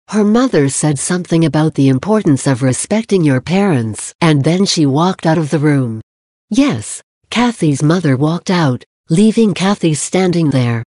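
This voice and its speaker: Calm chipmunk narrator, dry close mic. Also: mid-range voice, no echo. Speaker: narrator of a parenting advice podcast. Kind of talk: scripted narration.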